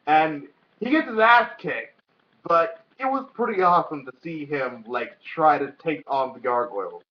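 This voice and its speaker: A young man talks through a casual vlog chat, full of fillers and offhand swearing. His voice sits a little high. The recording is dull and lo-fi. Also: expressive, moderate pace. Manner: rambling, swears freely, lots of fillers. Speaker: vlog co-host. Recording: dull lo-fi sound.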